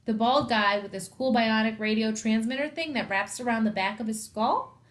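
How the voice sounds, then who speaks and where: A woman's voice: a little high, normal speed, lightly acted. Storybook read-aloud: woman voicing a jokey, reassuring male ear doctor. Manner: cheerful, reassuring explanations.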